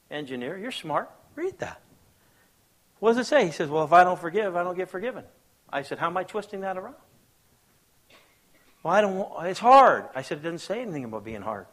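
A pastor delivers a sermon as a storyteller, acting out quoted voices and asking the congregation whether they follow. He speaks fast and expressively, swinging between hushed, low asides and loud, raised bursts.

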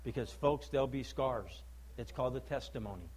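A male preacher giving a sermon, emphatic and full of rhetorical questions, swinging between loud declaiming and low, quiet stress. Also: a little fast, slight background noise, poor audio.

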